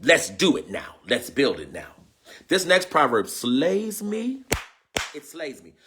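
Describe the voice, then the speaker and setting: Fervent preacher man, bright lively voice. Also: on the high side, slow pace, a little hiss or hum. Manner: fervent and emotional, repeating phrases and crying out; greets viewers by name. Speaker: preacher and teacher hosting a livestream. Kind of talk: call-and-response livestream sermon.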